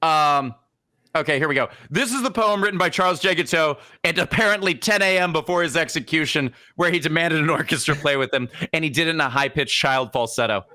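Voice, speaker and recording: A man's voice: on the high side, a little fast, sharp tone. A young man co-hosting a podcast, telling a comic history story casually and slipping into exaggerated quoted voices. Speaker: podcast co-host.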